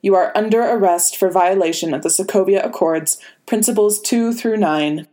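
A woman's voice: medium pitch, normal speed, dark tone, lightly acted. A woman voicing a smug, silky government official. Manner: silky, condescending. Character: smug cold older male government secretary.

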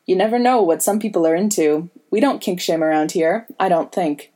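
A sardonic man in a cell cracks dry jokes with a lazy drawl, as a woman narrator puts him on. The tone stays warm and low in this audiobook. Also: a little fast, lightly acted. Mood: wry. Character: wisecracking, sardonic adult man prisoner.

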